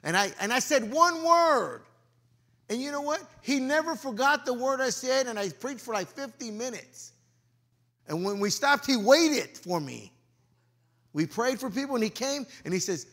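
A male pastor giving a joking, lively sermon, swinging from loud preaching to low muttered asides and slipping into everyday slang. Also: moderate pace.

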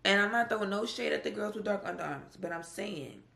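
A woman's voice: mid-range voice, animated, fairly quick, gravelly, a bit bright, echoey room. A young woman talking casually to camera in a home vlog, chatty and rambling with lots of "like"s. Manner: chatty, rambling, slangy with many "like"s. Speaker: vlogger.

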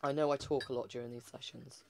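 A man's voice: medium pitch, level tone, fast, gravelly, a little hiss or hum. A man giving a casual, chatty art lesson on a livestream, explaining with lots of fillers. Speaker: art tutor.

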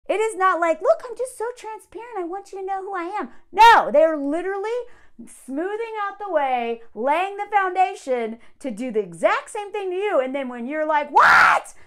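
A woman reacts in casual commentary, exasperated and sarcastic. Her voice sits high and leaps widely from line to line. She sounds animated throughout. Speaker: online commentator.

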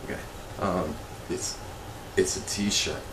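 Slow-talking, awkward man in an echoey room. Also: fairly even intonation, background noise. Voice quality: slow, awkward, rambling delivery that becomes emotional and high-pitched. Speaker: comedy web show host. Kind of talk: deadpan comedic monologue.

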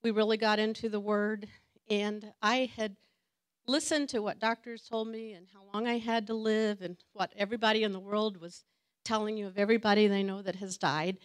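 A woman's voice: mid-range voice, steady tone, moderate pace, smooth. A woman sharing a personal testimony at a church gathering, talking earnestly and emotionally and laughing now and then. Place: church meeting room with audience.

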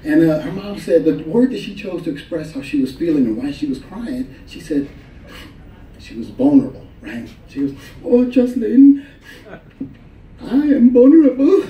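A man performing a stand-up comedy set on a club stage, telling stories animatedly and jumping into high voices for the people he quotes. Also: moderate pace, warm tone, far from the mic, slight background noise. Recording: roomy live club recording, crowd laughter.

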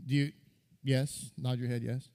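A man, a rabbi, preaching a sermon to a congregation in an animated way, firing rhetorical questions at his listeners. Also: medium pitch, a little slow. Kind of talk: sermon teaching.

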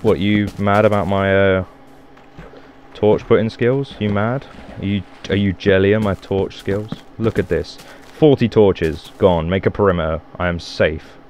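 Jokey man with a deep voice. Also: fairly even intonation, measured pace, a little mellow, a little hiss or hum. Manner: rambling, jokey, swears and exclaims. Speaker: Minecraft let's player. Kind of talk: casual gameplay commentary.

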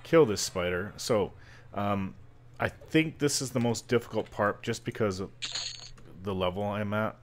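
A man's voice: lowish voice, a little slow, a little hiss or hum. A Canadian man from British Columbia casually narrating his online game session, rambling and joking at himself as he stumbles over words. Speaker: gamer. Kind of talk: casual gameplay commentary.

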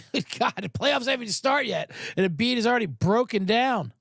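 A man's voice: very high voice, expressive, a little fast, gravelly, fairly bright tone, no room sound, clean studio sound. A man hosting a sports betting podcast, talking in a rambling, profane, casual way.

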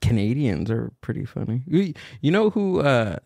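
Male podcast host, gravelly fry, dry close sound, loose rambling chat. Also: medium pitch, sing-song, a little mellow, no room sound. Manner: rambling, quick to laugh. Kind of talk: casual comedy chat.

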